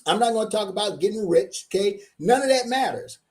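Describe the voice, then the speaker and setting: A man's voice: high-pitched, animated, brisk, darkish tone. A middle-aged man giving a live-streamed seminar as a tax coach, hyped up and asking "okay?" again and again. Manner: hyped-up, repeats "okay?" often.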